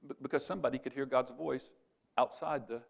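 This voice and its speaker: Older man telling a story, gravelly. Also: medium pitch, a little fast. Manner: conversational, quoting others in lively voices. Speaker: conference speaker. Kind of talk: sermon-style storytelling.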